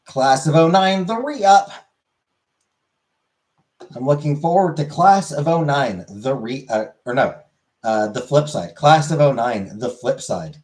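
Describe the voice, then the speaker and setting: A man's voice: medium pitch, expressive, moderate pace, darkish tone. A man streaming, chatting casually and rambling with lots of fillers while answering chat.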